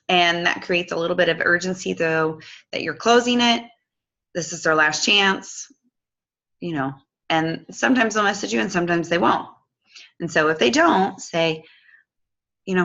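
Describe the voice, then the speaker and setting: A woman's voice: on the low side, normal speed, vocal fry, fairly bright tone, dull audio. A woman walking viewers through a casual screen-share tutorial, chatty and affectionate with loose fillers.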